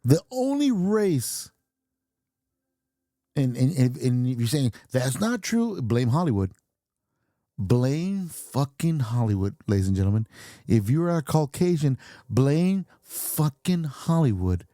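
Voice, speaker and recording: A man's voice: mid-range voice, very animated, takes it slowly, warm tone, no room sound, clean studio sound. A man in his fifties hosting a podcast, delivering a blunt, swear-filled rant and laughing at his own points. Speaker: podcast host. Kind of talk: profane ranting monologue.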